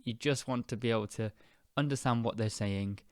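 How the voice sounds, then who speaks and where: A young British man hosting an English-learning podcast, speaking slowly and clearly in a chatty, relaxed way with fillers. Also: medium pitch, no room sound, clean studio sound. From United Kingdom. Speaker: podcast host and English teacher. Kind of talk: casual spoken lesson.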